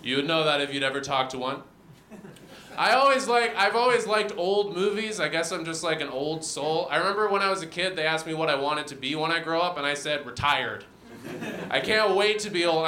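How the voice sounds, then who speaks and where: A young man performing a stand-up comedy set with a deadpan, self-deprecating delivery. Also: fairly high pitch, slight background noise. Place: comedy venue with audience. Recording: roomy venue sound.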